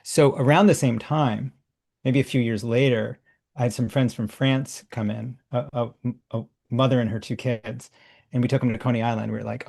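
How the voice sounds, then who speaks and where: A man hosting a workshop, telling a casual, animated story full of restarts and laughs. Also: mid-range voice, moderate pace, gravelly. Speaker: workshop host.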